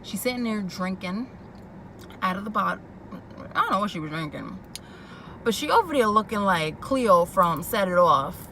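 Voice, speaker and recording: A woman's voice: medium pitch, moderate pace, long pauses, slight background noise. Sassy woman recapping a TV episode. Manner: animated, quoting characters and reacting with sass. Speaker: TV recap vlogger. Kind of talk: casual chat recapping a TV episode.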